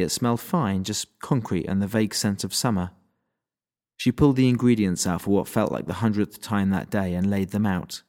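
A man reads an audiobook in a measured, dryly wry storytelling voice. His voice sits on the lower side of the male range. His pacing is steady and deliberate. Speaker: narrator. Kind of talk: audiobook narration.

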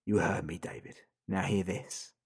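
A man voicing a sinister unseen entity speaking through a toy phone, slow, soft and mocking, in an audiobook story. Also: deep voice, fairly even intonation, vocal fry, husky, pitched below the performer's own voice, heavily acted. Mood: menacing. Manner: taunting, soft and slow, drawing out the listener's name. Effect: tinny and thin through a phone.

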